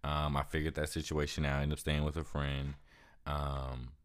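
A young man casually retelling a story for his vlog, with lots of "like" fillers and lively quoted asides. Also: rumbling low, normal speed, smooth. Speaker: vlogger.

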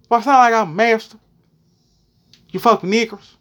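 A man voicing a contemptuous old-time plantation master in a quick, sneering, sing-song way. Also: high voice, fairly bright tone, pitched above the performer's own voice.

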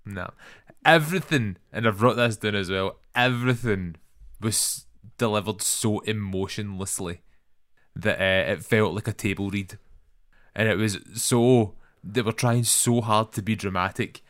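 Blunt scottish guy with a lowish voice ranting about a film, swears a lot, dead dry room. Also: unhurried, dry recording. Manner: blunt, animated, swears freely. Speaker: podcast co-host. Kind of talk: casual film review chat.

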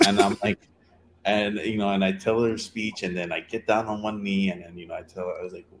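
A man tells a story in a relaxed chat. He rambles, leans on fillers and acts out quoted lines. A faint hum of the room sits behind him. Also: lowish voice, fairly quick.

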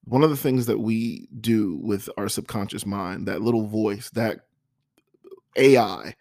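Low gravelly man musing earnestly. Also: unhurried, a little mellow, no room sound, clean studio sound. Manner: earnest, repetitive, self-reflective. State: frog in his throat, clearing it. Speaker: vlogger. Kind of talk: reflective personal monologue.

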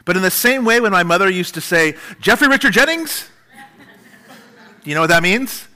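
Male pastor, bright, slightly high voice, animated sermon delivery. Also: fast, clean tone. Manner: animated preaching, dramatic shifts in pitch and volume.

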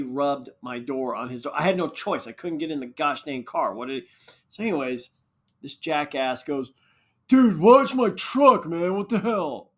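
A man hosting a casual solo podcast, venting earnestly with lots of fillers and restarts, recorded while sitting on the floor of a child's bedroom. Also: a little high. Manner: frequent fillers and trailing restarts. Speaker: podcast host.

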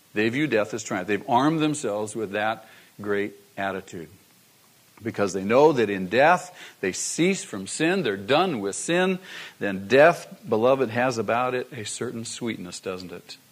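A man preaching a sermon, repeating his key phrases and asking the congregation rhetorical questions. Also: medium pitch. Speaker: pastor.

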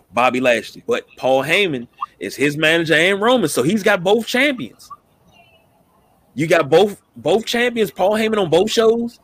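Brief: man, slightly high voice, slangy and stammering podcast co-host, dry close mic. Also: fairly bright tone, no room sound. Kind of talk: casual wrestling chat.

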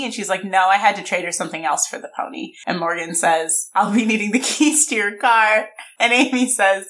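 A young woman co-hosting a podcast, animatedly recapping a TV episode and quoting the characters in a lowered voice. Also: fairly quick, fairly bright tone. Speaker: podcast co-host. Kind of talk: casual recap chat.

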